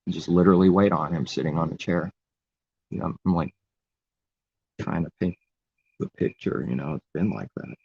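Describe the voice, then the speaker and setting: A man's voice: low voice, moderate pace, creaky, long pauses, darkish tone, breathy edge, no room sound, muffled recording. A man giving an informal, rambling sermon in a conversational way. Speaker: preacher. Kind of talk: informal live-stream sermon.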